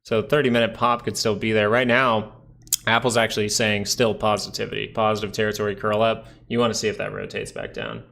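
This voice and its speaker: A man's voice: fairly low pitch, a little fast, gravelly, fairly bright tone. Man chatting through stock charts. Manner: chatty, rambling, greets viewers by name. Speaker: stock market livestream host. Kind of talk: casual live chart analysis with chat.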